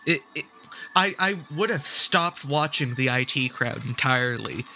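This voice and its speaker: Bright-voiced man hosting a chat. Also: mid-range voice, animated, measured pace, vocal fry, faint music behind. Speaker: podcast host. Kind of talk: casual podcast chat.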